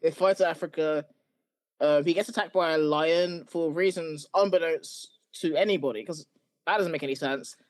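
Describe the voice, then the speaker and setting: A man with a fairly high voice rattles off wry plot recaps on a podcast. He talks casually and quickly. The recording is dry and close. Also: no room sound. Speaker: podcast co-host. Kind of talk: casual chat.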